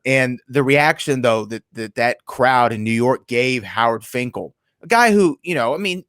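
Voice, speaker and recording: A man hosting a sports radio show, telling stories in an animated way with frequent laughs. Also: mid-range voice, normal speed, dry recording, clean studio sound. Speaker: radio host, ring announcer. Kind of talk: casual radio chat.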